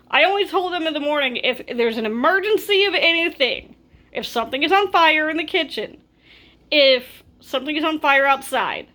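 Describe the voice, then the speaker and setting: A woman's voice: sits high, sharp tone. A woman vlogger telling a storytime, exasperated and ranting with animation. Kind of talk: storytime vlog.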